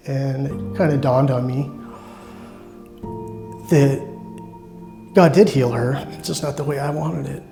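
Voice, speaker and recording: A man's voice: medium pitch, creaky. Earnest man giving a testimony over music. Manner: earnest, reflective, halting with restarts. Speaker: church member sharing testimony. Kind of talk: personal testimony.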